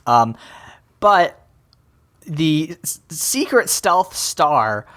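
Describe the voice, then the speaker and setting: A man's voice: fairly high pitch, extremely slow. Laughing young man on a podcast. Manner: animated, laughing, quotes characters in put-on voices. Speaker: podcast co-host. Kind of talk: casual chat.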